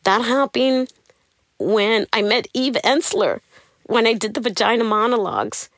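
A middle-aged woman telling her personal story in an interview, animated and acting out the people she quotes. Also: on the high side, a little slow, no room sound, clean studio sound. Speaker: interview guest.

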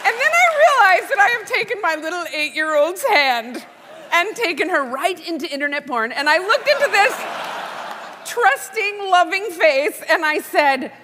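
A woman's voice: extremely high pitch, normal speed, crowd noise, noisy background. A woman comedian telling a funny story on stage and acting out the dialogue. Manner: animated, acts out dialogue. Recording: hall reverb from a live talk.

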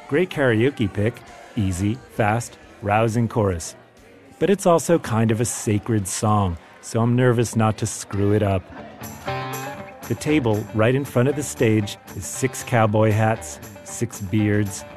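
A man's voice: fairly low pitch, a little slow, a little mellow, faint music behind. A man reading aloud from his own memoir in a wry, self-deprecating storytelling manner.

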